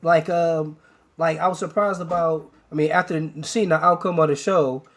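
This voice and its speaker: A man's voice: fairly high pitch, fairly even intonation, moderate pace, a bit bright. A man joining a podcast as a guest in casual chat, hesitant and full of fillers.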